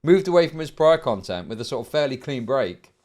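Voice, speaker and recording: A man's voice: medium pitch, sing-song, fairly quick, a little mellow. Sarcastic man ranting on stream. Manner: profane, sarcastic, mocking. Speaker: streamer host. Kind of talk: casual livestream reaction commentary.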